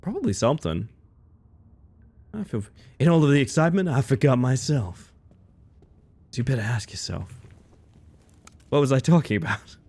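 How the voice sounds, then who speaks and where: A male streamer talking casually to his chat while he plays. His pitch swings widely and his delivery is playful and excitable, with a mid-range voice. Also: moderate pace, pauses often, slightly rough. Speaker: livestreamer.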